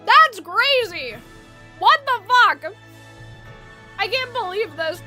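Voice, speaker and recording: Young woman, game streamer, animated, blunt, lively pitch, faint background music. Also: slow pace. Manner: animated, blunt, swears freely. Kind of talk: live game stream, reading and reacting.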